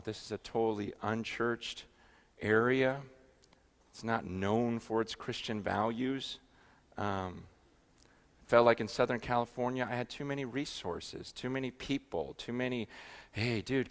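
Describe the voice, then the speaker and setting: A man preaching a sermon, telling a story with many restarts and moving from hushed, low passages to loud, excited ones. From United States. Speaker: pastor.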